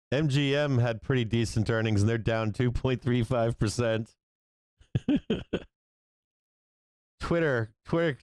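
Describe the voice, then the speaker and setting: Man, stock livestream host, profane and incredulous, smooth clear voice, dry close sound. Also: mid-range voice, darkish tone, no room sound. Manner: profane, incredulous, laughing often. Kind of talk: live market commentary.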